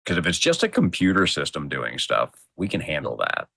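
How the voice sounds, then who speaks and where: A man's voice: extremely low pitch, huge pitch swings, brisk, vocal fry, pushed and bright, husky, no echo. A man guest on a casual talk show, thinking aloud and making emphatic points. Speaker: podcast guest. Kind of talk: casual chat.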